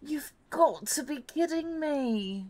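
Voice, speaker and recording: High, very slow-speaking exasperated woman. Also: expressive, mellow. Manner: dismayed, exasperated.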